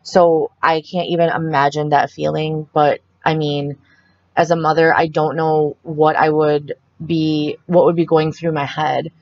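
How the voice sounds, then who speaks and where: Low-voiced woman recounting a frightening night. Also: flat delivery, a little mellow. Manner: halting, retells the scene with quoted dialogue. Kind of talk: emotional personal storytelling. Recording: dull, muffled dry sound.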